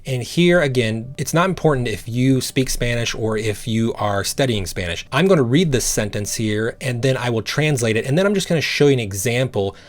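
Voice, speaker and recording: A man teaching a language-learning method, patient and encouraging, slowly repeating sounds to show how it works. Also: mid-range voice, lively intonation. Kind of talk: explaining a study method.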